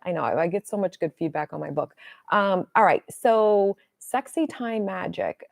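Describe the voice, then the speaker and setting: A woman's voice: mid-range voice, moderate pace, vocal fry, no echo. Blunt, swearing woman coach, dry sound. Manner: blunt, swears freely, animated storytelling. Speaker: manifestation coach. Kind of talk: casual livestream talk.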